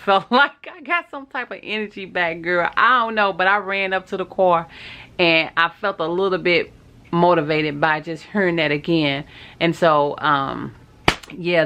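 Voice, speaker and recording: A woman's voice: deep voice, a bit bright. Tearful chatty woman vlogging. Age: middle-aged. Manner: chatty, emotional, talks straight to viewers. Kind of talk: casual storytelling vlog.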